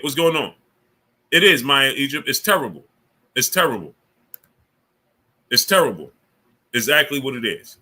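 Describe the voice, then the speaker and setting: Bright-voiced man hosting a live stream. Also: medium pitch, sing-song, normal speed, pauses often. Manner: shouting out viewers by name, indignant asides. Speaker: livestream host. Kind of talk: casual live-stream chat.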